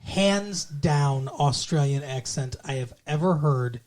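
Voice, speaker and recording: A man's voice: fairly high pitch, takes it slowly, darkish tone. A man co-hosting a podcast, chatting casually about a TV episode, sarcastic and profane, breaking into sung lines and mock voices. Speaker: podcast co-host. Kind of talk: casual chat recapping a TV episode.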